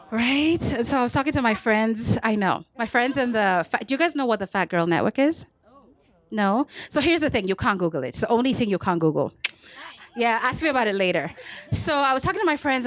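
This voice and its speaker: A woman performing stand-up comedy, her voice sitting slightly high. She tells her story in an animated way, slipping into put-on voices for the people in it. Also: fairly quick. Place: comedy club stage.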